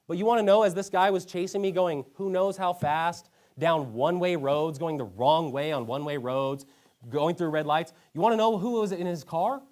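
Brief: male preacher, somewhat higher pitch, emphatic storytelling sermon delivery with rhetorical questions. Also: normal speed, darkish tone. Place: church hall.

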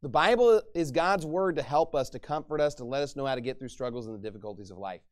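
A man pastor preaching a sermon, swinging between loud emphatic exhortation and low, quiet passages. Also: expressive, quick pace.

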